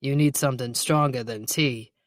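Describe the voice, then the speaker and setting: A man's voice: mid-range voice, fairly even intonation, moderate pace, no echo, lightly acted. A man voicing a teasing, easygoing male police detective partner in an audiobook, with dry humor.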